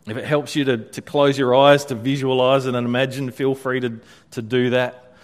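A pastor leading a guided scripture meditation, speaking reflectively with many hesitant restarts. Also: male voice, mid-range voice, level tone, moderate pace.

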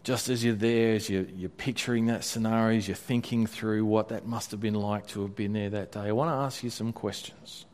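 A pastor leading a guided scripture meditation, speaking reflectively with many hesitant restarts. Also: male voice, fairly low pitch, steady tone, brisk, few pauses, a little mellow.

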